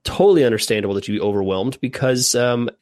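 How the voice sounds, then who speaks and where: A man's voice: mid-range voice, fast, a little mellow, no echo. A man from Texas co-hosting a casual Q&A podcast, reading a listener email aloud with joking asides. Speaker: podcast co-host.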